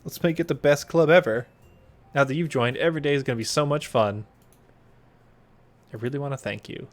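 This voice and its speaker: A man reading aloud the lines of a cheerful teenage girl who runs a school club, in a soft, sweet delivery. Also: mid-range voice, fairly quick, pitched above the performer's own voice, lightly acted. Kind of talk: reading a visual novel aloud.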